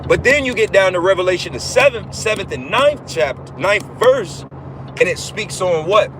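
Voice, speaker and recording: A man's voice: high-pitched, animated, normal speed, a bit bright, a little hiss or hum, poor audio. A man giving an informal livestream sermon, emphatic and repetitive, swearing casually as he preaches.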